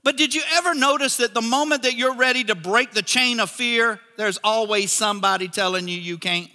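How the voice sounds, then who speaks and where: Pastor guy preaching, high voice, super bright, lots of hall echo. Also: brisk. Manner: animated storytelling, acts out characters in dialogue. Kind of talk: sermon.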